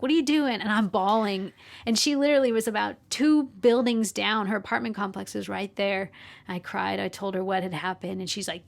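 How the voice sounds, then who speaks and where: Gravelly-voiced woman telling a heartfelt story. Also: medium pitch. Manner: earnest, emotional storytelling with frequent small laughs. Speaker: podcast guest. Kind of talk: personal storytelling in conversation.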